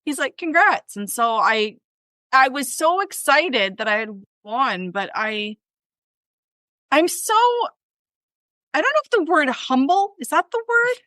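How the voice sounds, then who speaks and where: A woman from Canada, a guest telling a story in casual conversation, with many fillers and lively retellings. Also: high voice, unhurried, long pauses, no room sound. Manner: chatty, lots of fillers, animated retelling. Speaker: interview guest.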